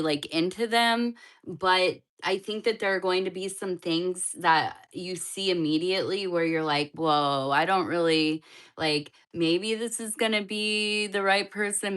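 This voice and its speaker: A woman with a low-leaning, slightly bright voice reads tarot on a live stream. She keeps it casual, chatting loosely, responding to chat, and speaking directly to those watching.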